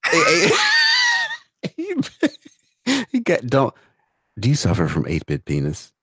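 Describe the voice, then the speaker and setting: A man co-hosting a casual comedy podcast, giggly and quick with incredulous reactions. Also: medium pitch, wildly swooping pitch, fairly bright tone, slightly rough, dry recording, studio quality. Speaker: podcast co-host.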